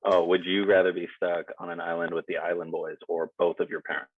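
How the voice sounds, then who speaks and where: A man's voice: low voice, flat delivery, a little fast, slight background noise. A man co-hosting a podcast in laid-back, joking casual chat, laughing often. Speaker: podcast co-host. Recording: tinny phone-like line.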